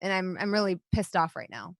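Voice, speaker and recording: A woman's voice: on the low side, animated, a little fast, no echo, studio quality. A woman co-hosting a podcast in casual chat, blunt and candid, swearing freely. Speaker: podcast co-host.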